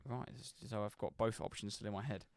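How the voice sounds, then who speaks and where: A man's voice: fairly low pitch, fairly even intonation, fast, noisy background. A man hosting a podcast, chatting casually with plenty of hesitations as he steers the talk. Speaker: podcast host. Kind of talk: casual chat.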